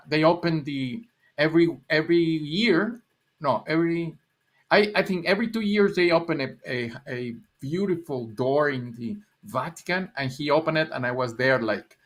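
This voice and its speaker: A man's voice: fairly high pitch, moderate pace, fairly bright tone. A man in his sixties from Mexico, Spanish-accented, rambling through stories in a casual livestream chat with frequent laughs and repeated words. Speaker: livestream guest.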